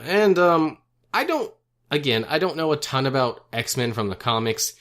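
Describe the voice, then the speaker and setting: A young man co-hosts a movie podcast, casually chatting through a review, rambling and correcting himself while chuckling at his own jokes. His voice is fairly high and fairly bright, very animated, at a moderate pace.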